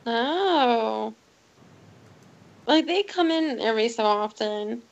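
A woman's voice: on the high side, expressive, slow pace, creaky, muffled recording. A woman on voice chat during a stream, chiming in with giggly, reactive comments. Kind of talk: casual chat.

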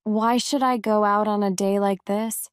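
A woman's voice: mid-range voice, steady tone, measured pace, clear, resonant tone, dry recording, clean studio sound, close to an everyday voice. A woman reading a storybook voices a spoiled, bad-tempered young girl who speaks in a haughty, petulant way.

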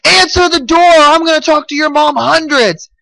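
A man voicing an angry town mayor who shouts demands at a door. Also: extremely high pitch, moderate pace, creaky, dry recording, voice pushed up, heavily acted, rough recording. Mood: furious. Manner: loud, pounding, shouting demands. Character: pompous male town mayor, growing infuriated.

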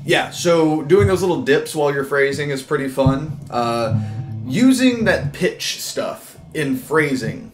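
A man's voice: a little high, expressive, measured pace. A man teaching guitar in a casual, rambling way, full of fillers and restarts. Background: loud electric guitar playing.

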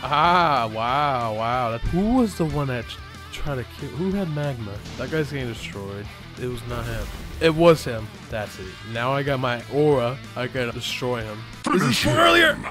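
A young man giving excitable commentary over his gameplay, laughing and yelping often. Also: medium pitch, moderate pace, music in the background. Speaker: gaming YouTuber.

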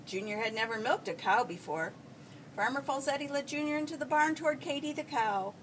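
A woman teacher reading a children's storybook aloud in an expressive storytelling manner. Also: high-pitched, fairly quick. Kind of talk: reading a picture book aloud. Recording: distant mic, faint background hiss.

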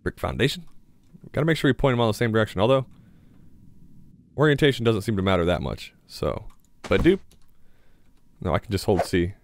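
A man's voice: lowish voice, expressive, quick pace, pauses often, a little hiss or hum. A young man giving casual gameplay commentary as a gaming YouTuber, chatty and mildly sarcastic as he talks to himself.

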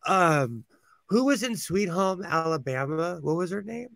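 Gossipy higher-voiced man, dry close sound. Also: unhurried, gravelly, no echo. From California. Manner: gossipy, animated storytelling with frequent laughs. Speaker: host. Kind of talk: casual chat.

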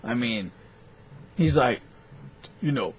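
Husky, foul-mouthed man ranting. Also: mid-range voice, slow. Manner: foul-mouthed, animated, scornful. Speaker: boxing talk show host. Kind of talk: profane rambling rant.

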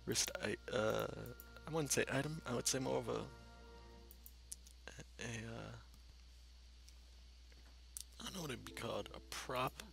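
Faint music plays behind a gravelly mid-range male voice that is a bit bright, measured in pace and broken by long pauses. The gaming channel host rambles casually through his let's-play, cursing freely and talking to himself as he goes.

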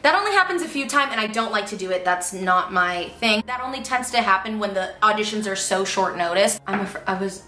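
A woman's voice: mid-range voice, expressive, brisk, hardly any pauses, sharp tone, slight background noise. A young woman chatting casually to the camera, rehearsing audition lines and criticizing her own takes. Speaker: voice actor vlogger. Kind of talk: casual vlog talking to camera.

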